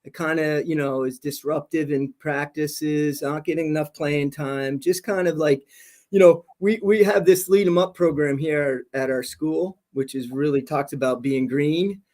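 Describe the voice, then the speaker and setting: A man's voice: a little high, fairly even intonation, unhurried, darkish tone. A middle-aged man, a school principal, telling stories on a video-call podcast with lots of energy and laughter. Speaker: high school principal, guest. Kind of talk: casual podcast interview storytelling.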